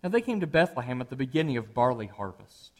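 A middle-aged man, a pastor, preaching a sermon in a conversational way that rises at times to animated emphasis. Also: mid-range voice, quick pace.

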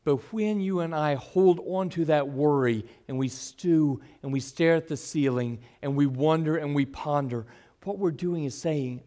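A middle-aged man preaching a sermon to his congregation, earnest, swinging between full emphasis and soft, quiet asides. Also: fairly high pitch, measured pace. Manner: earnest, varies loudness widely, drops to soft asides. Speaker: pastor.

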